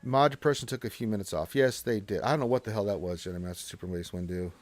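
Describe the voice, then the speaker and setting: A man hosting a casual gaming livestream from home on a close desk mic, chatty and excitable, talking to himself as he plays. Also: fairly low pitch, quick pace, no echo. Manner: excitable, chatty, talks to himself while playing. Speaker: livestream host.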